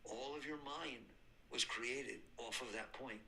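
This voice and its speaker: Gravelly older man teaching forcefully. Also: medium pitch, measured pace, slight background noise, low-quality recording. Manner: emphatic, repeats and answers his own questions. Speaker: spiritual teacher. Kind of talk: recorded spiritual talk.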